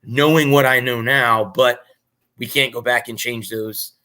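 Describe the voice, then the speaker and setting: A man's voice: mid-range voice, fairly even intonation, unhurried, bright, forceful tone. A man from Florida, reflective and candid as he tells his own story in a casual chat. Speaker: co-host, aspiring announcer.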